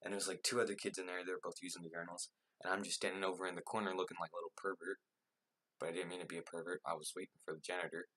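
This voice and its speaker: A man's voice: low-pitched, level tone, very fast, pushed and bright. A young man telling a story from his own life in a casual, rambling way, full of fillers and self-mocking asides. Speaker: vlogger.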